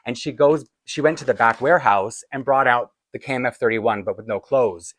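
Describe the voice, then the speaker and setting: A man chatting excitedly about his collection, rambling, laughing and correcting himself as he goes. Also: mid-range voice, a little fast. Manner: rambling, laughs often, restarts and asides. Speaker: doll collector vlogger. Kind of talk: excited casual unboxing chat.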